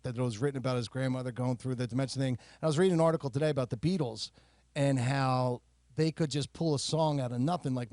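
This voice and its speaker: A man co-hosting a casual podcast, chatty and jokey, sharing trivia in a relaxed way. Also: mid-range voice, no room sound, studio quality. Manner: chatty, jokey, shares trivia, frequent fillers. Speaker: podcast co-host. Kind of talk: casual chat.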